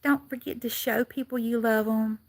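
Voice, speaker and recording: A woman's voice: fairly high pitch, fairly even intonation, normal speed, no echo. Chatty Southern woman from Louisiana. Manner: chatty, rambling, laughs often, says y'all. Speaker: live streamer. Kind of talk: casual live-stream chat. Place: in and around a car.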